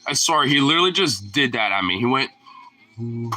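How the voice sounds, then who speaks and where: A man's voice: mid-range voice, lively intonation, fast talker, sharp tone, faint music behind. A young man casually filming his dog and teasing it in playful baby talk.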